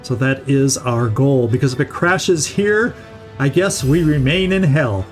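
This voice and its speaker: A man's voice: mid-range voice, expressive, normal speed, faint music behind. A middle-aged man hosting a let's-play, chatting casually and thinking aloud as he plays, often restarting words. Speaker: gaming channel host.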